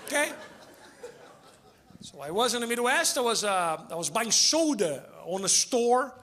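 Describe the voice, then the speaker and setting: A man doing stand-up comedy, deadpan and chuckling at his own jokes, on a stage mic. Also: very high voice, unhurried. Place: theater stage before a live audience. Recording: live show with crowd laughter. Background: audience laughter.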